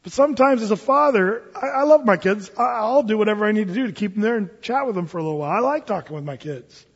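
A man in his forties preaching a sermon as a pastor, telling stories in an animated way and acting out the voices of the people in them. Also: high-pitched, quick pace, breathy edge, long reverb tail, muffled recording. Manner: animated storytelling, acting out voices in quoted asides.

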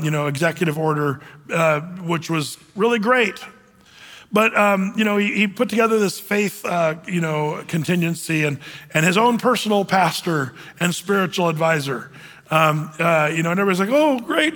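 A man with a high voice preaches in a casual, conversational way. He slips into sarcastic mock voices to poke fun at gullible believers. His words ring out with a long reverb through a church sanctuary. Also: fairly bright tone. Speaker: pastor. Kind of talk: sermon.

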